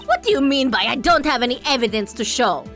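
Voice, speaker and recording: A woman voicing a haughty, sharp-tongued young female prosecutor who speaks in indignant, snappy bursts. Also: high voice, very animated, brisk, soft background music. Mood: scornful.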